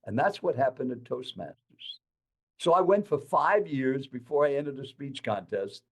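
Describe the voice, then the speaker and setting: A man in his eighties telling his life story to an interviewer in an animated, dramatic way. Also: mid-range voice, moderate pace. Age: 80s. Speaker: guest speaker.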